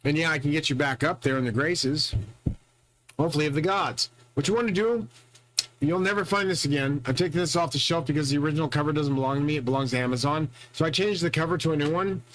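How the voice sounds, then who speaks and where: A man with a fairly high voice talks on his own in a long, rambling monologue. He is boastful and profane, and he stumbles through restarts as he goes. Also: fast, a bit bright, rough recording. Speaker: channel host.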